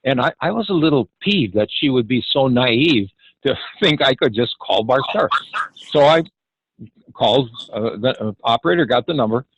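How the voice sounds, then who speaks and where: A man in his eighties, the founder of a ranch, tells an anecdote about his story in a husky, mid-range voice with lively intonation. He halts often, hesitating frequently and acting out dialogue, and the recording is rough.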